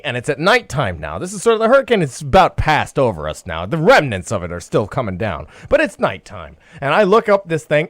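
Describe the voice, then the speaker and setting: A man telling a personal story live on the radio as host, chuckling often and breaking into loud yelling. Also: medium pitch, no echo, studio quality. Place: radio studio.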